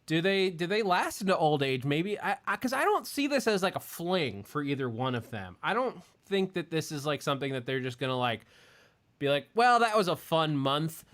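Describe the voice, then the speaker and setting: A man's voice: a little high, big pitch swings, fairly quick, fairly bright tone. A man hosting a podcast in casual chat, rambling with many fillers and restarts. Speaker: podcast host.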